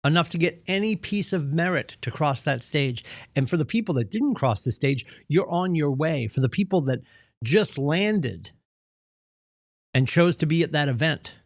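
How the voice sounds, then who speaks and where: Man, motivational morning talk, gravelly, slightly high voice, dry close sound, punchy delivery. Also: expressive, normal speed, dry recording. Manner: earnest, punchy, acts out quoted voices. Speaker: real estate team leader.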